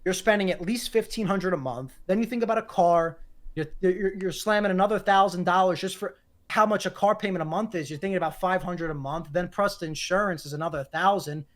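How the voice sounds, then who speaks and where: A man, a guest on a podcast over a video call, rambling fast with repeated words and casual swearing. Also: high-pitched. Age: 20s. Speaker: guest content creator.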